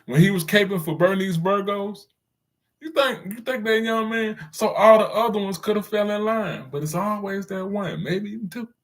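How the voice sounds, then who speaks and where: Man, solo commentator, casual slangy rant, voice sits on the high side, laughs at his own lines. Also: normal speed. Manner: loose slangy talk, chuckles at his own jokes.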